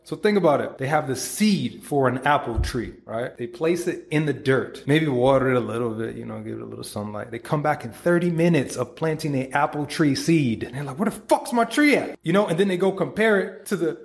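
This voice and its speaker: A man's voice: mid-range voice, brisk, vocal fry, few pauses. Guy in his 30s doing a fired-up motivational podcast rant, swears a ton, preachy, does little voices for people. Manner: profane, animated, preachy, acts out quoted voices. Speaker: podcast host and supplement company founder.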